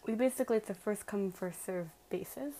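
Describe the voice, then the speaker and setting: A woman's voice: mid-range voice, a little fast, dark tone, a little hiss or hum, poor audio. A woman telling a personal story to her viewers in a casual, emphatic way, full of "like" fillers and direct appeals.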